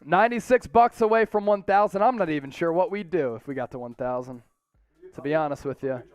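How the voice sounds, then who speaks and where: A young man hosting a casual live sports stream from a small studio, joking and breaking into loud chants. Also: a little high, a little fast, smooth, no room sound. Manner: rowdy, excitable, shouts and chants. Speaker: sports show host.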